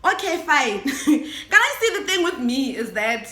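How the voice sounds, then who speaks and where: A young woman with a Botswana accent tells a story to her camera, her high, bright voice bouncing around an echoey room. She talks in a lively way, mixing English and Setswana and breaking into laughs. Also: normal speed. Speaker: vlogger. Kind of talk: storytime vlog.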